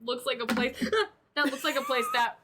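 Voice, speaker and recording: A young woman co-hosting a casual podcast, excitable and jokey, swearing freely as she chats. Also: sits high, normal speed, a little hiss or hum. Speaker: podcast co-host. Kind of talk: casual chat.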